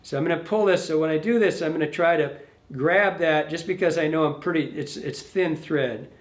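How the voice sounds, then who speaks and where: A man's voice: a little high, a little fast, roomy sound. A man giving a casual hands-on fly tying tutorial, rambling and correcting himself, and talking to the fly as he works. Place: fly shop tying bench.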